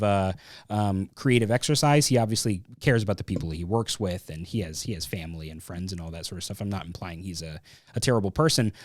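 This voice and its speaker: A man's voice: on the low side, no echo, clean studio sound. A man hosting a casual film review podcast, rambling and thinking aloud as he tells a story. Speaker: podcast host.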